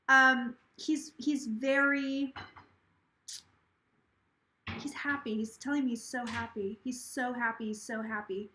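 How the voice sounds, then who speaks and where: A woman's voice: on the high side, fairly even intonation, slow pace, long pauses, sharp tone, echoey room. A woman hosting a casual live stream from home, chatty and gushing, relaying a spirit's words in quotes. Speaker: psychic livestream host. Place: home, near a kitchen.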